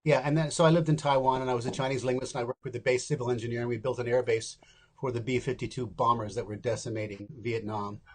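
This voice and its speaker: A man's voice: mid-range voice, steady tone, quick pace. A man in his seventies, an interview guest, telling candid stories in a wry, casual way and acting out the people he quotes.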